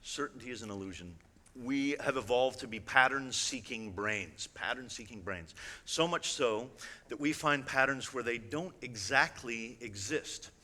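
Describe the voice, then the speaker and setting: On stage in a big hall, a bright-voiced illusionist talks to the audience with a mid-range voice, lively intonation and a slightly slow pace. His conversational presentation is chatty and wry, full of direct address and asides, with long hall reverb on the recording.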